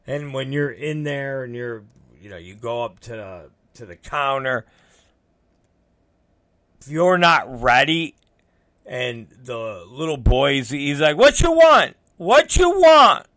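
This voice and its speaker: In studio-quality sound with no echo, a middle-aged storyteller delivers a casual anecdote in a medium-pitched, bright, forceful voice at a slow pace. He rambles, swears a lot and acts out quotes.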